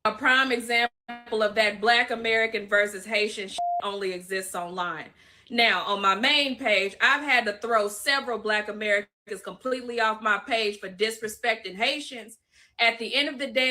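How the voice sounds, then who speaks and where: Woman in a social video clip, fairly high and bright, emphatic and profane, lectures her audience. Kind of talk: online video rant.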